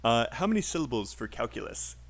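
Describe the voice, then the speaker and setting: A man's voice: medium pitch, big pitch swings, fast talker. A man teaching a live online English speaking class, encouraging and laughing often.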